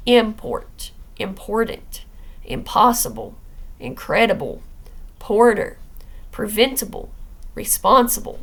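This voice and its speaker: Gravelly-voiced teacher woman explaining vocabulary. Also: a little high, a bit bright. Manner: plain, repeats words and checks with "okay?"; firm about classroom rules. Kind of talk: recorded vocabulary lesson for students.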